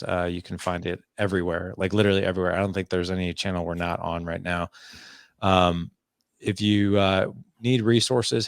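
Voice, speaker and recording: A man in his forties with a low, gravelly voice, recorded close and dry with no room sound. He speaks as a podcast guest on fatherhood and brings his stories to life by playing out both voices in a conversation. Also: no echo. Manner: animated, acts out both sides of dialogues. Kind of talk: conversational interview storytelling.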